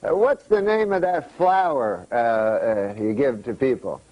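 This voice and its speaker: A man's voice: mid-range voice, animated, a little slow, darkish tone, voice pushed down, close to an everyday voice, rough recording. A man voicing an elderly, forgetful uncle who halts and searches for words. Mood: muddled.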